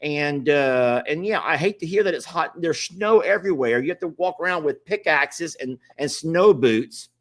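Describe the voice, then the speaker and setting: A man's voice: a little high, expressive, moderate pace, hardly any pauses. A man casually hosting a livestream, chatting and pleading with viewers to join. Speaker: livestream host.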